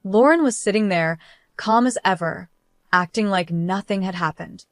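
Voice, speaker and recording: A woman's voice: mid-range voice, moderate pace, no room sound. A woman telling a dramatic, emotional first-person story as its narrator.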